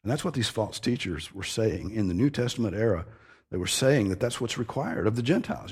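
Male preacher, low husky voice, steady emphatic sermon delivery. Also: brisk. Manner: emphatic, earnest teaching with repeated stressed phrases. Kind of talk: expository sermon.

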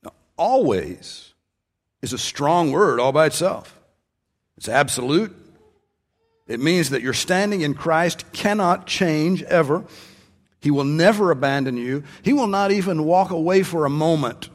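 A man's voice: on the high side, animated, a little slow. A male pastor preaching a sermon in a conversational way, rising to strong emphasis on key points. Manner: conversational preaching with emphatic rises, ending in soft prayer.

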